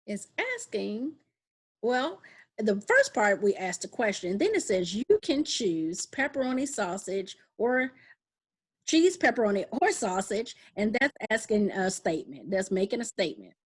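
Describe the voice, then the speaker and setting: A woman's voice: mid-range voice, very animated, measured pace, slightly rough. A woman teacher answering questions in a grammar lesson for children, thinking aloud and correcting herself. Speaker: elementary school teacher.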